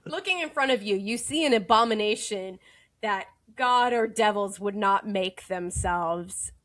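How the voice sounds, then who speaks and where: A woman's voice: medium pitch, a little slow, a bit bright. A woman running a tabletop horror game as game master, describing scenes vividly and making playful rulings on the mechanics.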